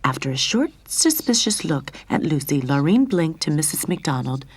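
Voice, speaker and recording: A woman reading the storybook narration of a cartoon dub in a lively, expressive way. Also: low-pitched, moderate pace, slightly rough, no echo. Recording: faint music under the voice.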